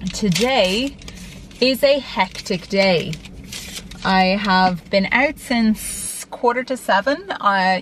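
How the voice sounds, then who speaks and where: A woman's voice: mid-range voice, slight background noise, poor audio. An Irish woman chatting casually to camera from her car, rambling and self-deprecating. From Ireland. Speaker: vlogger. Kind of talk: casual vlog chat. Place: in a parked car.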